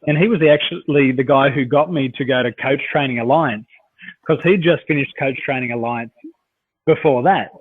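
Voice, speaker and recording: Here the Australian coach speaks at a medium pitch and moderate pace, his voice slightly rough. As an interview guest he rambles through anecdotes, stumbling over fillers and restarts. The dry, tinny, phone-like recording has no room sound.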